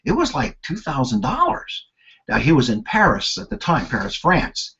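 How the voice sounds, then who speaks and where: A man in his sixties presenting a marketing lesson, telling anecdotes in an animated storyteller's way. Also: fairly high pitch, normal speed, gravelly, husky, lo-fi sound.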